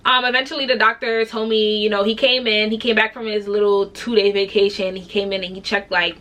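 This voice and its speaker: Bright, animated young woman vlogger. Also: medium pitch, brisk. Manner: animated, acts out other people's voices; candid, swears freely. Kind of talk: casual storytime vlog.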